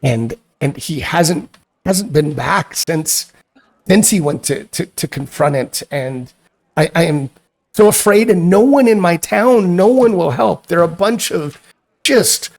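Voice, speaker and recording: A frightened young sister pleads for her missing brother, as a man puts her on. The voice is pitched up and cracks with tears as she stammers and restarts. A gravelly edge sits under the raised tone. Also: lively intonation, heavily acted. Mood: tearful. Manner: tearful, halting, stammering pleas.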